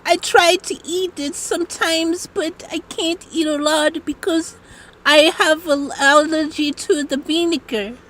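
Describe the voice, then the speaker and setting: A man putting on a high woman's voice with a fake Australian twang to prank a voice assistant, drawn out and repeating the name. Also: steady tone, pushed and bright, exaggerated voice. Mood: teasing. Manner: slow, drawn-out, keeps saying the name.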